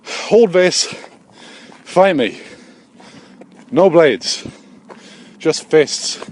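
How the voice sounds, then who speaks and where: A man vlogging on his own outdoors with a handheld camera. He rambles crudely and mocks himself, breaking into sudden silly shouted voices. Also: on the high side, expressive, drawn-out words. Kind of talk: rambling solo vlog.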